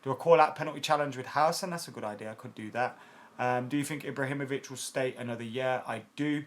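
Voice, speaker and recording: Talking fast at a medium pitch, a man in his late twenties hosts a football fan channel. He casually tackles viewer comments in a blunt, chatty style, heavy on fillers and with some swearing.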